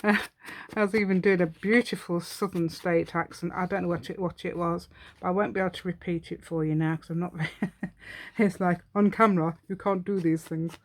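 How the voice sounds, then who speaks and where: A woman's voice: lowish voice, fairly even intonation, brisk. A woman hosting a crafting tutorial, chatting as she works, rambling and laughing often. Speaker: craft channel host.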